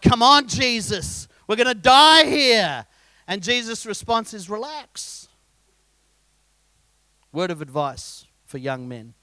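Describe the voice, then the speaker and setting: Bright, high preacher. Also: male voice, no room sound. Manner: lively storyteller, jokes and quizzes the congregation. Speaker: pastor. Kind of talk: sermon.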